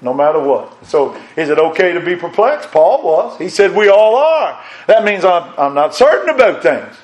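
An older pastor preaches a folksy sermon, his slightly high voice climbing on emphatic lines. He keeps putting questions to his congregation. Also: sing-song, normal speed, poor audio.

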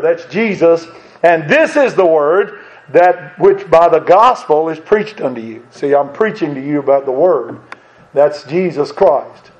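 A man's voice: fairly high pitch, a little mellow. A man preaching a sermon as pastor, asking his congregation rhetorical questions. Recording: dull lo-fi sound.

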